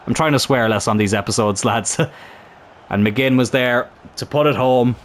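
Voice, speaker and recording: Male gaming commentator, casual, excitable at goals, light background hiss. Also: mid-range voice. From Ireland. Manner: chatty, breaks into excited shouts at big chances and goals. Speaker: gaming YouTuber commentating his own match.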